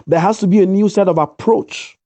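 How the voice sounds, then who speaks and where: A man's voice: high-pitched, fairly even intonation, a little fast, warm tone, no room sound. A man giving an emphatic motivational talk, repeating his key lines over a video call. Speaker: guest speaker.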